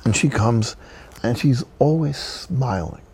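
An older man, a Catholic friar and priest, delivers a broadcast sermon as measured storytelling with solemn pauses. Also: medium pitch, animated, darkish tone, breathy edge.

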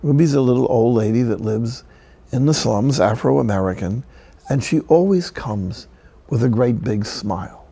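An older man, a Catholic friar and priest, delivers a broadcast sermon as measured storytelling with solemn pauses. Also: mid-range voice, creaky, dark tone, breathy edge, dry recording.

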